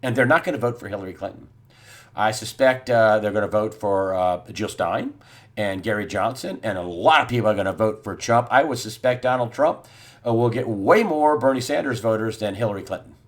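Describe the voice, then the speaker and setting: A middle-aged man hosting an election commentary monologue, emphatic and repetitive, with many "uh" fillers and swings from loud outbursts to near-quiet asides. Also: on the low side, animated, a little fast. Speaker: host.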